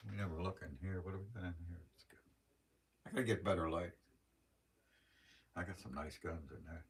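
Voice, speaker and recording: A deep-voiced man with a Western Pennsylvania accent hosts a casual livestream, telling plain-spoken, rambling stories like a folksy storyteller. He talks fairly quickly with fairly even intonation, and there's a little hiss or hum.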